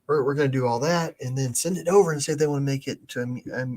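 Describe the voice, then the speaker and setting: A man's voice: medium pitch, racing, a little mellow. A man co-hosting a casual livestream, chatting and laughing as he paints. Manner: chatty, laughs often, many restarts.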